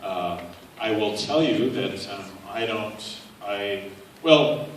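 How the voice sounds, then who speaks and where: A man delivers a relaxed, story-driven campaign speech, leaning on "uh" as he goes. His voice sits a bit low. It reaches the mic from far off in a very echoey hall, with faint noise underneath. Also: slow pace. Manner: conversational, anecdotal, frequent "uh" fillers. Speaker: political speaker. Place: large university hall. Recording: echoey hall, picked up from afar.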